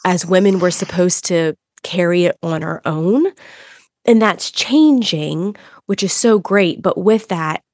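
A woman's voice: on the low side, a little slow, darkish tone, dry recording, clean studio sound. A woman hosting a podcast, speaking earnestly and searching for her words in a casual conversation. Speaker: podcast host.

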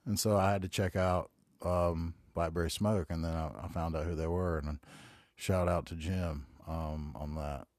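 Brief: very low-voiced Southern man in his forties, loose profane podcast monologue, dry close mic. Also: steady tone, moderate pace, few pauses, darkish tone, no room sound. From North Carolina. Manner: rambling, profane, laid-back storytelling. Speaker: podcast host. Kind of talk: casual solo podcast monologue.

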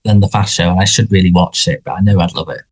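A man with a low, slightly husky voice co-hosts a podcast. He chats casually and rambles, often circling back and restarting his sentences. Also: steady tone, fast talker. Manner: rambling, frequent restarts and fillers. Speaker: podcast co-host. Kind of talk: casual chat about a sitcom.

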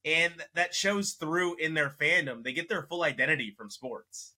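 A man hosting a casual sports podcast, teasing and excitable, gloating over rival teams. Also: a little high, moderate pace. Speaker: podcast host.

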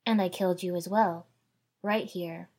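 A woman's voice: fairly low pitch, husky. Calculating ninja leader, read by a woman. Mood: calm, measured. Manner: calm, measured, unapologetic delivery.

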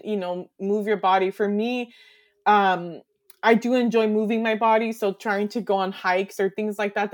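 A woman guest on a podcast, talking in a reflective, earnest way with lots of fillers. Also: medium pitch. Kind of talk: casual conversational interview.

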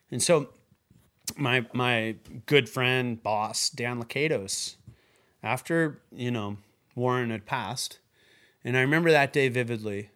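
A man, a ski club employee, telling a personal story in a rambling, animated way and acting out the quoted voices. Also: lowish voice. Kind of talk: casual storytelling.

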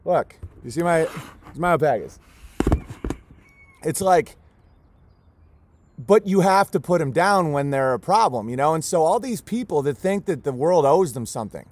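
A man's voice: a little high, lively intonation, normal speed, long pauses, darkish tone, slight background noise. A man who raises goats and chickens, ranting in an impassioned vlog, emphatic and emotional, hammering the same words again and again, close to tears. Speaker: homesteader raising goats and chickens.

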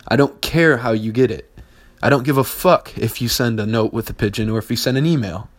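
A man's voice: mid-range voice, brisk. A man hosting a solo business podcast, talking in a blunt, heavily profane and mocking way. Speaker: business owner and podcast host.

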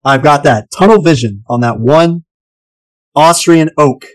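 Male podcast co-host, slightly higher voice, animated and jokey, dry close sound. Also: unhurried, dry recording, rough recording. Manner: animated, jokey, swears freely. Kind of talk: casual chat over whiskey.

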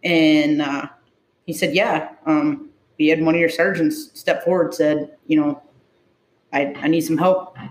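A woman's voice: sits low, steady tone, unhurried. Blunt, profane woman in an echoey room. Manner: blunt, profane, emotional storytelling. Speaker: first responder guest. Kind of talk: candid interview storytelling.

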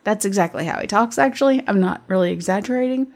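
A woman in her fifties talks in a loose, casual podcast chat. She is blunt and straight-talking, with no filter, and she laughs easily between her points. Her voice sits at an ordinary middle pitch for a woman. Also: fast talker. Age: 50s. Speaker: podcast co-host.

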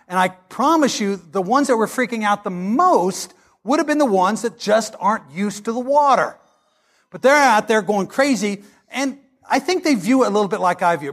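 Pastor guy, high voice, animated folksy sermon storytelling.

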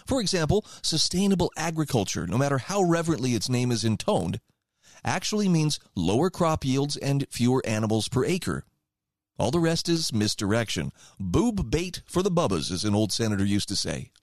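A male radio talk show host delivers opinion commentary with a lively, rising-and-falling voice of middling pitch. He talks in a conversational, emphatic way and often reads passages aloud. The sound is close and dry. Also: moderate pace, no room sound.

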